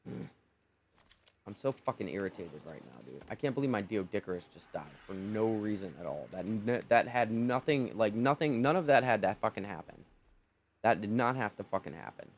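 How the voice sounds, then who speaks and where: A man's voice: fairly low pitch, lively intonation, fairly quick, slight background noise. A young man commentating his own gameplay, exasperated and incredulous, swearing often. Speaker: gaming channel host.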